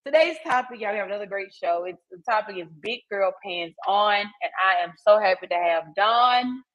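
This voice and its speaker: A woman's voice: medium pitch, lively intonation, normal speed, a bit bright. Hype woman podcast host, lo-fi sound. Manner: hype, slangy, talks straight to listeners. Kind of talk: casual podcast chat. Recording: dull lo-fi recording.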